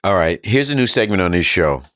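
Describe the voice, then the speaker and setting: A man's voice: sits low, expressive, fairly quick, fairly bright tone, no echo. A man guesting on a comedy podcast, rambling and laughing as he fumbles for words, on a studio mic. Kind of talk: casual comedic chat.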